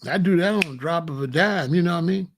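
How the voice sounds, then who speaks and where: A man's voice: fairly high pitch, quick pace. A man hosting his own commentary channel, joking and bragging in a casual, streetwise rant.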